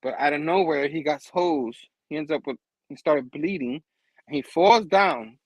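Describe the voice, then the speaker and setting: A man with a high voice hosts a laid-back comic book show, excitedly walking through the plot. He laughs often and keeps checking in with his listener. The recording is dry and close. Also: normal speed, breathy edge, no room sound, poor audio. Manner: animated, laughs often, keeps asking "you know what I mean". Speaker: host. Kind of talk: casual comic book recap.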